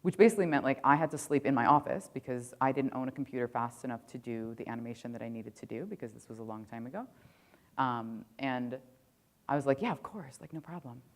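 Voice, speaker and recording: A woman's voice: a bass voice, fast. A woman in her thirties giving a conference keynote, telling a casual, profane story packed with "like" fillers. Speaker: keynote speaker. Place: conference stage.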